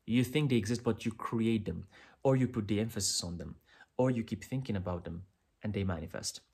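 A man's voice: on the low side, brisk, creaky, darkish tone, husky. A man giving a pick-a-pile tarot reading, speaking earnestly and directly to the listener, often repeating himself. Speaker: tarot reader.

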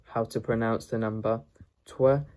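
A man repeating numbers over and over in a slow pronunciation drill, sometimes breaking them into single sounds. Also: on the low side, fairly even intonation, creaky, noisy background. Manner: repeats each number many times, splitting it into sounds. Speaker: pronunciation teacher.

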